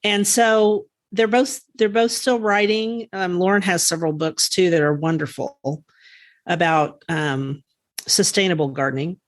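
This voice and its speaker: A woman co-hosting a gardening podcast, chatting casually and enthusiastically, quick to laugh. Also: fairly low pitch, fairly even intonation. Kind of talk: casual chat.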